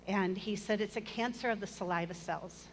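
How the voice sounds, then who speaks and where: A woman's voice: medium pitch, normal speed. A middle-aged woman giving a personal testimony in church, earnest and storytelling, with a touch of self-deprecating humor. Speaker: church member sharing her testimony. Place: church hall. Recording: long hall reverb, faint room noise.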